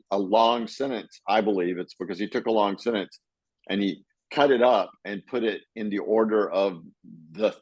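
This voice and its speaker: A man co-hosting a casual book chat, reading passages aloud and thinking out loud with many fillers and restarts. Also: sits low, no room sound, rough recording. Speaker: podcast co-host.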